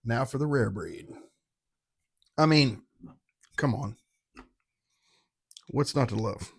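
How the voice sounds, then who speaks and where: A man's voice: medium pitch, slow pace, pauses often, slightly rough. A middle-aged man giving a casual, rambling and irreverent whiskey tasting review, poking fun at himself. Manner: rambling, irreverent, self-mocking.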